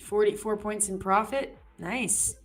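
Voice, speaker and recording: A woman's voice: mid-range voice, unhurried, faint music behind. A woman co-hosting a live trading stream in a playful, chatty way, jumping between topics. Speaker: live trading show co-host. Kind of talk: casual live-stream chat.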